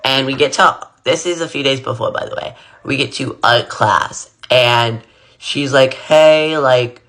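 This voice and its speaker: A young man chats through a personal story as he gets ready for the day, his voice bright and forward at an average pitch. He rambles loosely, packing his sentences with "like" and "blah, blah" as he goes. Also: measured pace. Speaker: vlogger. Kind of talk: casual storytime while getting ready.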